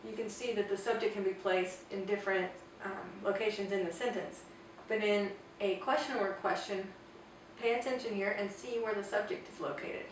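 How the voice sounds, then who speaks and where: Woman, language teacher, deliberate explanations, faint background hiss, distant mic. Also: medium pitch, fairly even intonation. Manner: slow, deliberate modeling of example sentences. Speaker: Spanish teacher. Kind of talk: online language lesson. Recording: echoey room, distant mic, faint noise.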